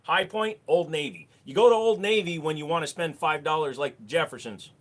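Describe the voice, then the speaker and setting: A man's voice: a little high, normal speed. A man with a Minnesota accent, speaking in a slightly raised register. He takes chat questions on a casual livestream and answers them bluntly, with plenty of cussing.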